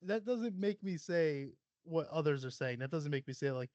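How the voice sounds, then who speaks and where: A man's voice: on the high side, animated, moderate pace, few pauses, darkish tone, no echo, dull audio. A young adult man hosting a podcast, ranting casually with lots of swearing, rambling asides and self-mocking laughs. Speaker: podcast host. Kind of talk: casual solo podcast rant.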